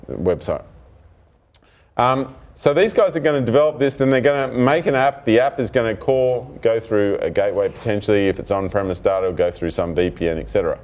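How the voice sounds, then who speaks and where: Guy doing a lively dev talk, storytelling, acts out the dialogue. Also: lowish voice. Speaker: presenter. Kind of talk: technical talk to an audience.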